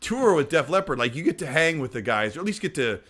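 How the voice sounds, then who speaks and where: A man's voice: on the high side, very animated, quick pace, fairly bright tone. A man hosting a podcast interview, asking questions and reacting with enthusiasm. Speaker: podcast host. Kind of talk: casual interview.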